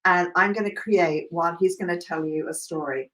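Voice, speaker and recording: A woman teaching a live online hairdressing class, lively and emphatic, laughing often. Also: lowish voice, moderate pace. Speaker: hairdressing educator.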